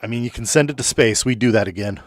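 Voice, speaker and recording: A man's voice: medium pitch, fast talker, no room sound. A man co-hosting a sports show, chatting casually and jokingly with lots of fillers. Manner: loose, joking, filler-heavy.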